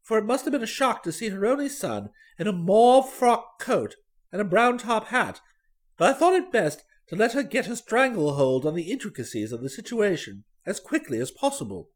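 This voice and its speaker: A reader narrating a comic story as a young gentleman, in a dry, wry way. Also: medium pitch, big pitch swings, moderate pace. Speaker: audiobook reader.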